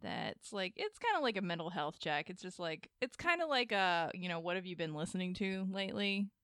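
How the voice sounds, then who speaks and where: A woman's voice: on the low side, lively intonation, a little fast, a bit bright, smooth, no echo, studio quality. A young woman hosting a casual podcast chat, giggly and rambling with many fillers. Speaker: podcast host.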